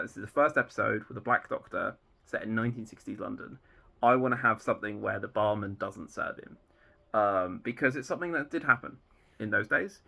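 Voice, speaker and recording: Casual male storyteller, gravelly edge, loose and rambling, lots of ums. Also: mid-range voice, pushed and bright. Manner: rambling, loose with many fillers. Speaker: fan writer outlining his own series. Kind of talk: casual plot rundown.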